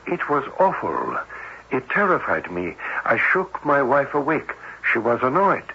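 An actor playing a cautious, formal cardiologist, speaking in a measured, hesitant way in an old-time radio drama. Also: male voice, medium pitch, very animated, bright, forceful tone, husky, full character voice. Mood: grave. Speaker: doctor. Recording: dull old radio broadcast with faint hiss.

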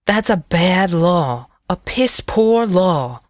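A narrator voicing a grizzled, tired older male county sheriff who speaks bluntly and gruffly in an audiobook. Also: mid-range voice, moderate pace, dry recording, studio quality, lightly acted. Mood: contemptuous.

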